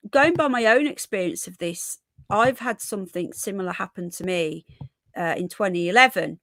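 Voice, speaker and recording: A woman's voice: medium pitch, a bit bright, no echo, clean studio sound. A middle-aged woman from England hosts a live stream, chatting with viewers by name, often restarting and repeating words. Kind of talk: live stream commentary, reading chat.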